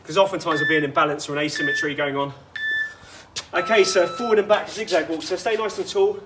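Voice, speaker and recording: A man's voice: fairly high pitch, steady tone, fast talker, heavy background noise. A man coaching a workout outdoors, chatty and instructive with personal asides. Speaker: fitness coach.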